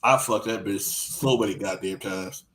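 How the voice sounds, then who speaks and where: A man telling crude stories in casual podcast chat. He rambles with lots of restarts and acts out what others said, swinging loud and soft. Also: lowish voice, normal speed, low-quality recording.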